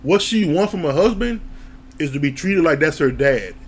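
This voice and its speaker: A man's voice: a little high, lively intonation, moderate pace, breathy edge. A man giving a casual, rambling recap of a TV episode, chatting along and laughing often. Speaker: TV show reviewer.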